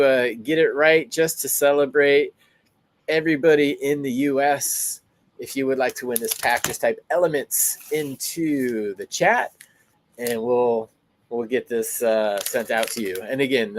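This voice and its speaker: A man's voice: medium pitch, measured pace, a little hiss or hum. A man hosting a show, casually chatting and telling rambling stories in a laid-back way. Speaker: host. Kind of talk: casual chat.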